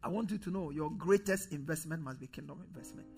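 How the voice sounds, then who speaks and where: A pastor preaching a sermon, calling on the congregation to repeat phrases, swinging from loud declarations to low quiet asides. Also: male voice, fast, breathy edge, soft background music. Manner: preaching with call-and-response to the congregation.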